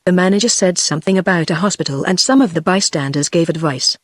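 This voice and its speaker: A text-to-speech woman's voice with a British English accent, reading an audiobook in an even, measured way. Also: on the low side, no room sound. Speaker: audiobook narrator. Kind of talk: synthetic audiobook narration.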